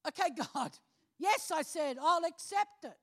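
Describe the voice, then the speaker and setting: High-voiced woman telling a lively testimony. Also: gravelly. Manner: animated storytelling, acting out phone calls, laughing often. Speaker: preacher. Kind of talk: testimony from the pulpit.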